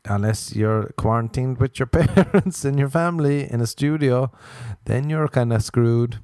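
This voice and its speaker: A man's voice: measured pace, mellow, clean tone, no room sound. Man, solo comedy podcast host, crude and rambling, dry close sound. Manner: crude, rambling, self-mocking, with sudden high-pitched exclamations.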